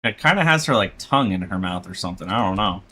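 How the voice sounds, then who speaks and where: Bright-voiced chatty male streamer. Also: low-pitched, lively intonation, fast talker, breathy edge. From South Florida. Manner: rambling, chuckles often, self-deprecating. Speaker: VTuber streamer. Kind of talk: casual chat while drawing.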